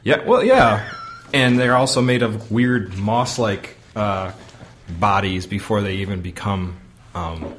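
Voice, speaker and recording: A man's voice: lowish voice, takes it slowly, a bit bright, a little hiss or hum. A man co-hosting a podcast in casual chat, rambling with lots of fillers and ready laughs. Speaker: podcast co-host.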